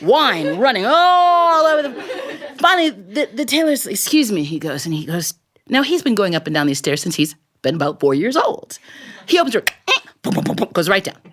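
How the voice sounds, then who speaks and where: Brief: lively woman storyteller, high voice, chuckles as she tells it. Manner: animated, chuckles between lines. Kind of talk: live storytelling. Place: recording studio.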